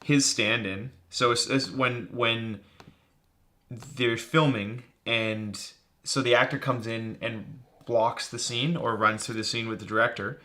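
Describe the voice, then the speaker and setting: A man hosting a podcast in casual chat, upbeat and laughing often, telling stories quickly. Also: medium pitch, fairly even intonation, bright, forceful tone. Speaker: podcast host and editor.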